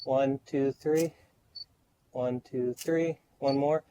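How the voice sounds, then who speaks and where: A man's voice: medium pitch, steady tone, very slow, warm tone, a little hiss or hum, poor audio. A man photographing a model outdoors, out of breath, counting off shots and giving short directions. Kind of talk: on-location shoot commentary. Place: outdoors by a street.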